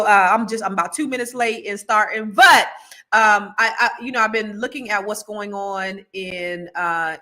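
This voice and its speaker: A woman's voice: mid-range voice, bright, forceful tone. A woman, hosting a casual livestream and chatting animatedly with her viewers. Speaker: livestream co-host.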